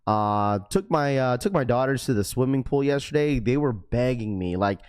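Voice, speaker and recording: A man's voice: mid-range voice, animated, normal speed, darkish tone, smooth. Young male streamer, easygoing and upbeat, rattling off greetings to chat. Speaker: live stream host. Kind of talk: casual live stream chat.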